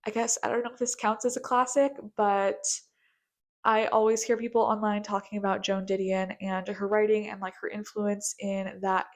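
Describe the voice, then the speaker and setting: A woman's voice: mid-range voice, little pitch movement, moderate pace. A young American woman chatting casually in a bubbly, gushing way, with lots of filler words. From United States. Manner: bubbly, gushing, filler-heavy with frequent likes. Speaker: book vlogger. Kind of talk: casual chat.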